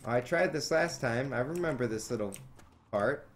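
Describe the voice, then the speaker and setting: A young man streaming a video game live, talking to viewers and cursing loudly at enemies as he plays. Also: medium pitch, expressive, moderate pace, slight background noise. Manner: frustrated, swearing, yelling in bursts at the game. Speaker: let's play streamer. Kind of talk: live gameplay commentary.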